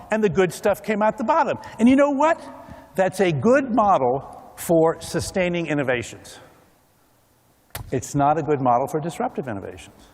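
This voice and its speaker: Male keynote speaker, high lively voice, hall reverb. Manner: animated, acts out other people's voices. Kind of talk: conference keynote talk. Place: large conference hall.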